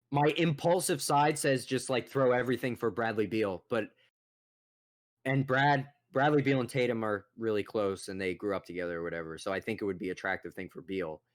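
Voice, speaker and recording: A young man co-hosting a casual sports podcast, ranting in a profane, exasperated, animated way. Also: fairly low pitch, moderate pace. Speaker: podcast co-host.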